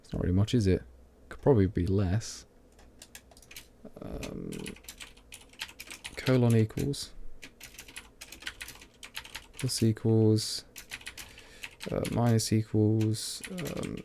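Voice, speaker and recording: A man's voice: on the low side, fairly even intonation, takes it slowly, gravelly, long pauses, dark tone, slight background noise. A tipsy man streaming live, thinking aloud as he codes and chatting to viewers in rambling asides. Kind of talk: thinking aloud while coding.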